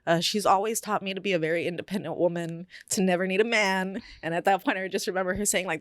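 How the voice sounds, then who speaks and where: A woman's voice: medium pitch, fairly quick, no room sound, clean studio sound. A young adult woman telling a personal story, candid and reflective, with many fillers.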